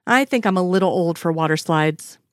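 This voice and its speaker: A woman's voice: on the low side, fairly quick, no echo, close to an everyday voice. A woman voicing a reserved, stone-faced older man who speaks firmly and dryly, in an audiobook reading. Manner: firm, dry understatement.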